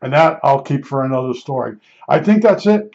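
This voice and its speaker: A man's voice: mid-range voice, animated, brisk, creaky, darkish tone. An older man telling a personal story in a casual, rambling way, blunt and emphatic, often repeating himself. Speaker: podcast storyteller. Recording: slightly dull lo-fi recording.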